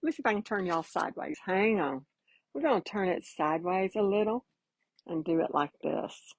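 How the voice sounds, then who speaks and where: A chatty woman with a drawl walks viewers through a live painting demo in a folksy, easygoing way. Her voice sits low and a little husky. The sound is dry and close, with no room around it. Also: expressive, fairly quick, no room sound, rough recording. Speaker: painting instructor.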